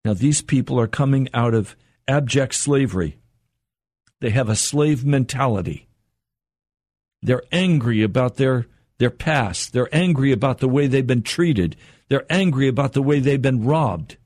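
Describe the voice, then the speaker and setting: Husky older man preaching a sermon. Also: animated, a little slow, darkish tone, no room sound, clean studio sound. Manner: earnest, rising in pitch for emphasis and quotes. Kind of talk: radio sermon.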